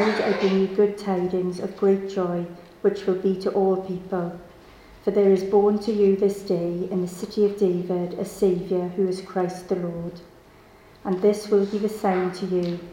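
A woman's voice: mid-range voice, slight background noise. A woman reading a Bible passage aloud in a church service. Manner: steady, even reading. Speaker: Bible reader. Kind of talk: scripture reading. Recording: echoey church room with faint ambience.

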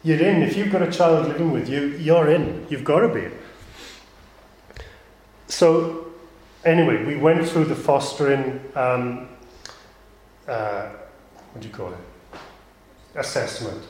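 A man's voice: fairly high pitch, takes it slowly, pauses often, darkish tone. A man preaching a sermon in a plain, conversational way, with asides and restarts. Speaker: pastor. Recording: echoey room.

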